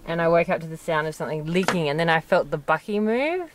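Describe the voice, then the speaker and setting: A woman's voice: low voice, expressive, fast, a little hiss or hum. A young woman chatting casually at an outdoor campsite, teasing and laughing as she tells a story. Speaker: travel companion. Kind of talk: casual chat.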